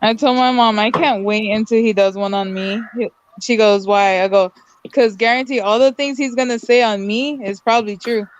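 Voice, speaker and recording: A woman's voice: on the high side, fairly even intonation, normal speed, lo-fi sound, a little hiss or hum. A woman hosting a casual chat on a video call, asking questions. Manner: chatty, asks questions. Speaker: host.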